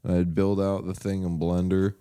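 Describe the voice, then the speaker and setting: A man's voice: low-pitched, level tone, moderate pace, mellow, clean tone, no echo, clean studio sound. A young man co-hosting a podcast, chatting casually, rambling through stories and swearing freely. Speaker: podcast co-host. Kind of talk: casual chat.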